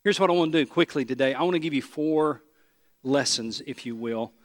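A man's voice: a little high, fairly quick, long reverb tail. A pastor preaching a conversational sermon, speaking in his own voice as he acts out imagined prayers.

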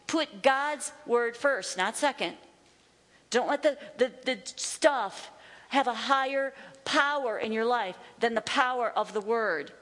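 A woman's voice: medium pitch, a bit bright. A woman teaching a sermon in an emphatic way, repeating her key phrases. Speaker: Bible teacher. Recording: long hall reverb.

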